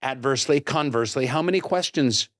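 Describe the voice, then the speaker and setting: A middle-aged man hosting a podcast, talking in an animated, self-deprecating way. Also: medium pitch, a little fast, dry recording, studio quality. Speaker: podcast host. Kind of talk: casual interview conversation.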